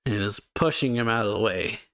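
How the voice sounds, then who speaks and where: A man's voice: on the low side, a little fast, fairly bright tone, no echo. A man casually recapping a manga chapter as a reaction channel host, rambling with many fillers.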